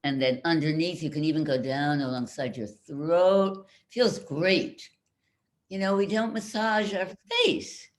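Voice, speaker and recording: An older woman voice coach on a video call, leading a group warm-up in an energetic, coaxing way and repeating her instructions. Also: sits low, a little slow.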